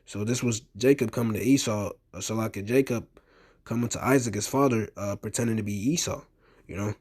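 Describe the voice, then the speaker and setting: A man reading King James verses aloud and explaining them in loose, everyday talk with many pauses and ums. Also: on the low side, darkish tone, breathy edge. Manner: hesitant, many ums and restarts. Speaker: bible teacher. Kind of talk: scripture reading with casual commentary.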